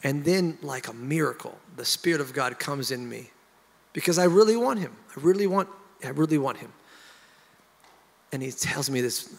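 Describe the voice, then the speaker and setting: A man, a pastor, sharing his testimony in an animated, emotional way and getting loud at the high points. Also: normal speed, gravelly, in a large hall. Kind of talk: candid conversational testimony.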